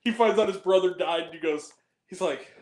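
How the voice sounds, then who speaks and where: In an echoey room, a man with a high voice talks a little fast about films in a casual, excitable way. He laughs a lot and repeatedly performs lines from comedies.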